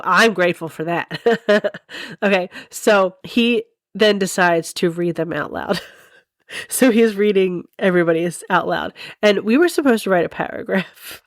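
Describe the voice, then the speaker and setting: A woman's voice: on the low side, no room sound, clean studio sound. A woman hosting a podcast, telling a story in a rambling, casual way and often breaking into laughter. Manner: giggly, rambling, laughs often mid-sentence. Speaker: podcast host.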